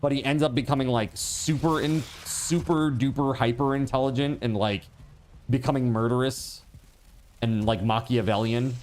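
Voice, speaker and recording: A man's voice: medium pitch, fairly even intonation, moderate pace, darkish tone, slight background noise. A man streaming a game, chatting casually and rambling to his viewers with lots of fillers. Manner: talks to chat viewers. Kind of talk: casual livestream chat while gaming.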